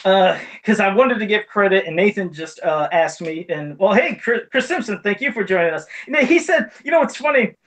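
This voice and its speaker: A man's voice: sits high, expressive, a little fast, few pauses, fairly bright tone. A man co-hosting a casual podcast, chatty and repeating himself as he over-explains a point. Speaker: podcast co-host. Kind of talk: casual chat.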